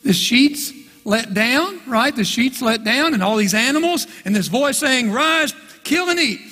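High, bright-voiced preacher man, husky. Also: lively intonation, measured pace, big-room sound. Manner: folksy, emphatic, repeats "listen" and "right?". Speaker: pastor. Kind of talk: sermon. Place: church sanctuary.

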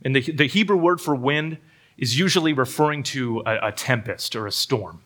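An earnest pastor with a mid-range, fairly bright voice preaches a sermon at a church service at a moderate pace. He teases himself along the way and frequently repeats his words.

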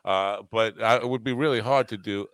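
A man's voice: on the low side, moderate pace, fairly bright tone, no echo. A man hosting a podcast in casual chat, easygoing and self-deprecating. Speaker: podcast host.

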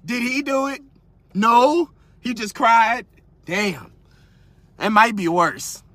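Young male podcast host; crude, lively comic rant full of rhetorical questions; bright tone, dry sound. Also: very high-pitched, slow, no echo. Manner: crude, animated, keeps asking rhetorical questions. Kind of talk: casual comedic rant. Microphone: podcast mic.

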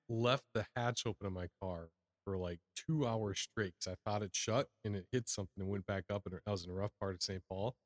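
Low-voiced man in easygoing chat. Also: dry recording. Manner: laughs often, easygoing. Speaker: podcast co-host, salesman. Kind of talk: casual chat.

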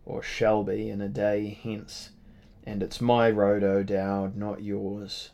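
A man's voice: fairly low pitch, monotone, slow pace, creaky, a little mellow. A man doing a sly, sneering villain. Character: mad, sly, corrupt older man, villain.

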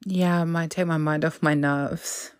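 A young woman playing a nervous young woman in danger, hesitant and soft-spoken. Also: low-pitched, fairly even intonation, unhurried. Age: young adult. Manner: hesitant and soft, breaking into panic.

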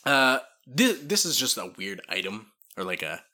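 A man's voice: on the low side, big pitch swings, moderate pace, sharp tone. A man co-hosting a podcast, chatting casually with short backing replies and playful teasing. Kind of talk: casual chat.

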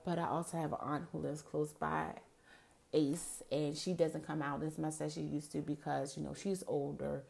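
A woman talks through family memories in a loose, rambling monologue, circling back and correcting herself as she goes. Her voice sits low and carries a heavy gravelly fry. The tone is mellow and dark. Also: level tone, moderate pace. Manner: warm, rambling reminiscing with self-corrections. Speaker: host. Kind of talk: personal storytelling monologue.

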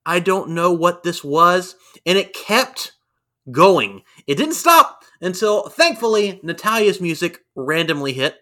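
A man with a bright, fairly high voice co-hosts a casual review chat. He talks animatedly and jumps into raised voices to act out quotes. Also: big pitch swings, a little slow. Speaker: podcast co-host.

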